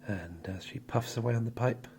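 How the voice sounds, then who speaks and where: A man calmly narrating a story in a slow, soft, drawn-out way, with pauses between phrases. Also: medium pitch, slight background noise.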